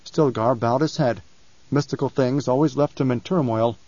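Reading scripted narration for an audiobook, a mid-range male voice keeps a measured, level storytelling pace. There's no room sound, and the audio quality is dull and lo-fi.

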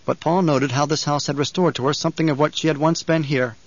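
A man narrating an audiobook in a steady, deliberate way. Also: fairly high pitch, no room sound, highs cut off. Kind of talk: scripted narration.

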